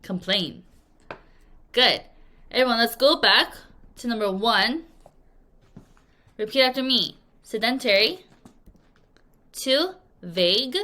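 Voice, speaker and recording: A woman teaching an English vocabulary lesson, drilling words clearly with repeat-after-me prompts and acting out examples playfully. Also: fairly high pitch, lively intonation, slow pace, pauses often, pushed and bright. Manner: playful, acts out example sentences. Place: language school in Korea.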